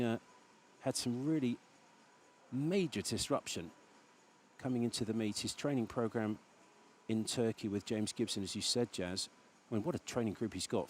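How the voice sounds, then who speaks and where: A man's voice: mid-range voice, slight background noise. A man doing enthusiastic, exclamatory swimming commentary. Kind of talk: sports commentary.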